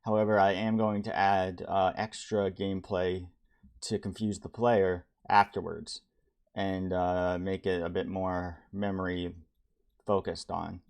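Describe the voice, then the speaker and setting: A young man streaming as he builds a game level, talking casually in a halting way with many restarts and fillers. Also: sits low, flat delivery, creaky, a little mellow, smooth. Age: young adult. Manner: halting, many restarts and ums, reads chat aloud. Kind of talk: casual live-stream talk.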